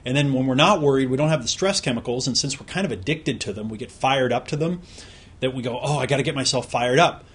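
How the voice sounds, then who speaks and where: A man's voice: mid-range voice, lively intonation, quick pace, slightly rough. A man teaching a recorded self-help course on productivity, explaining in a conversational way with examples and questions put straight to the listener.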